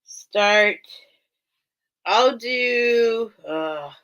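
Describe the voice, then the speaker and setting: A woman's voice: on the high side, animated, very slow, fairly bright tone, muffled recording. A woman hosting a casual live-stream sale, chatting and thinking aloud as she greets viewers by name. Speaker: live online sale host.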